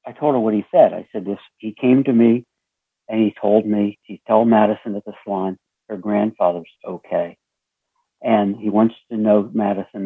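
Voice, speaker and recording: A man with a raspy voice telling a story as an interview guest, acting out the dialogue with lively shifts. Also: lowish voice, no echo. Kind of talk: storytelling conversation. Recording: tinny phone line.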